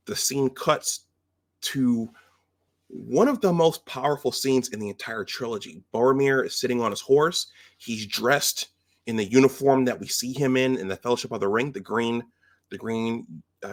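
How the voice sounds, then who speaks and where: A man's voice: medium pitch, unhurried. A man casually retelling film scenes as a commentator, in a conversational way that often restarts and checks in with the listener.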